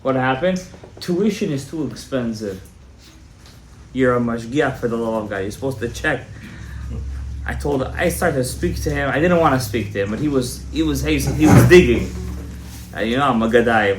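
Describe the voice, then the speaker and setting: A male rabbi telling a story in a Torah class, animated and joking, mixing in Hebrew terms. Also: medium pitch, moderate pace, faint music behind. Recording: echoey room, faint background.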